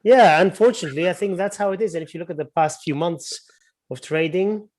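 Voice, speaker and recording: A man's voice: sits high, a little fast, darkish tone. A man giving market commentary as a guest analyst on a webinar, firmly building his argument.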